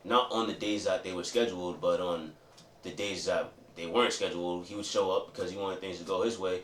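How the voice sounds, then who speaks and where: A man's voice: low voice, fairly even intonation, fairly quick, a bit bright. A young man telling a candid story about his childhood, rambling, repeating himself and often asking "you know what I mean". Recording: roomy echo, voice from a distance, faint ambient noise.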